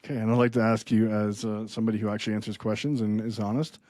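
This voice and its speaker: A man's voice: on the low side, steady tone, very fast, a little mellow, dry recording. A man co-hosting a podcast in casual chat, teasing and laughing often. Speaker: podcast co-host.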